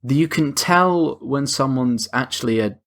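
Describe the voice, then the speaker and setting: A man's voice: mid-range voice, unhurried, a bit bright. A man co-hosting a podcast, animatedly retelling scenes with swearing and laughter. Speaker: podcast co-host. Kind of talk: casual chat.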